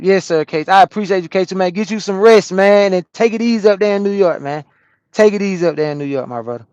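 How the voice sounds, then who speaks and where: A man from Atlanta, a truck driver chatting casually on a live stream and answering viewers' comments in a relaxed, repetitive way. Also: sits high, fast, smooth, dry recording, dull audio. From Atlanta, USA.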